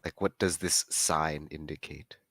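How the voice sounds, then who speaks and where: A woman with an unusually deep voice, speaking slowly and calmly as a player in a tabletop game. Her voice is recorded dry and close, with no room sound. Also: no room sound.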